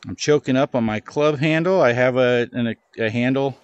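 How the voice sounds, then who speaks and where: A man's voice: mid-range voice, normal speed, clean tone, no echo, dull audio. Chatty man commenting on VR golf. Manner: chatty, self-deprecating, talks to the ball. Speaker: gaming channel host. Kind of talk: casual gameplay commentary.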